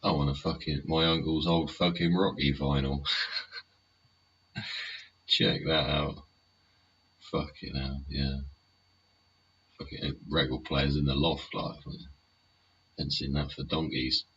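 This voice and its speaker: Male host, very low, sharp-edged voice, rambling sweary tag-question delivery; dull recording with faint hiss. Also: flat delivery, slow pace, long pauses. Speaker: host of a live solo show. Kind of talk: rambling live chat. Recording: muffled lo-fi sound, faint hiss.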